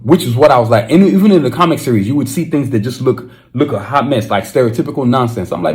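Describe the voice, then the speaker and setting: A young man hosting his own podcast, talking casually and excitedly, with slang and frequent restarts. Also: medium pitch, rapid-fire, hardly any pauses. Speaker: podcast host. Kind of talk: casual solo podcast monologue.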